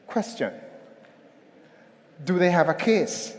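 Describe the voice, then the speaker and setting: A man delivers a motivational keynote from a hotel conference stage, drawing the audience in with a story and asking them to answer back. His high voice swings widely and he speaks slowly. A long reverb from the large hall hangs on every phrase. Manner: animated, storytelling, calls on the audience.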